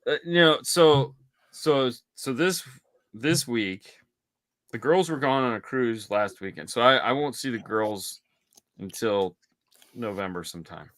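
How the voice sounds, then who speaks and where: A man's voice: mid-range voice, measured pace, fairly bright tone, no room sound. A man co-hosting a casual podcast chat, telling long, profane, rambling stories. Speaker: podcast co-host.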